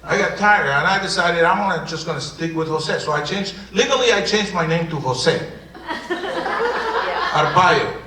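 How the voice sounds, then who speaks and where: A man's voice: on the high side, normal speed, close to an everyday voice. A man playing a brash immigrant joker, Spanish accent. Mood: mocking. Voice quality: lively, rambling, stammering delivery. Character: fast-joking male immigrant comic, defensive and brash. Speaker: improv performer. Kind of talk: live improv comedy. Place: theater stage before an audience. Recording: roomy hall, distant mic, loud noise.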